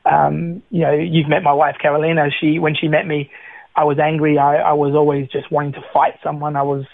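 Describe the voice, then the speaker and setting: A middle-aged man, a radio guest telling his personal story in a chatty, animated way with many restarts. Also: a little high, a little fast, gravelly, dry recording. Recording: dry phone-like radio line.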